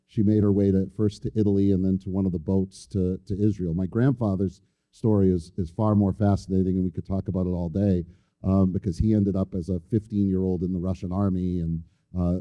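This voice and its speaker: A middle-aged man, a school principal, telling a personal story in a halting way, with many ums and restarts, and acting out the dialogue. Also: deep voice, dry recording, lo-fi sound. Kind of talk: personal storytelling on a local TV panel.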